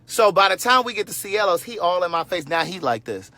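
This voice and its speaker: A man in his forties tells a story to his viewers on a casual livestream. His voice is fairly high and very bright. He talks in an animated, sassy way and keeps turning aside to speak to his audience. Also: fairly quick, no room sound. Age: 40s. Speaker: host telling a story to viewers.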